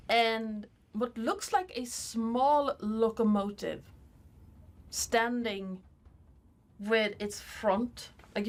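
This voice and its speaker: A woman narrating a tabletop game as game master, describing scenes loosely with many "like"s. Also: medium pitch. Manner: unhurried, loose descriptions full of "like".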